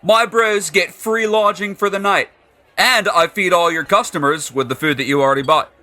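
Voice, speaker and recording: Bright-voiced laid-back man at the table. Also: sits high, moderate pace. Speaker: player. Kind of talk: tabletop game role-play.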